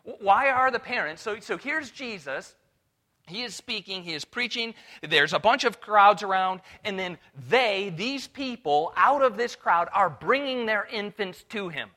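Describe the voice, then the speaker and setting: Guy preaching a bible lesson, bright sharp voice, kinda high, keeps asking questions. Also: unhurried. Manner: animated, full of rhetorical questions. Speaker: Bible teacher. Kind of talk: expository sermon to a room. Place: room with a live audience.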